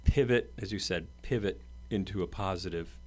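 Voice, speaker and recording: A man's voice: low-pitched, normal speed, darkish tone. A man co-hosting a casual podcast conversation, explaining ideas in an earnest way and often restarting his phrases. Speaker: podcast co-host.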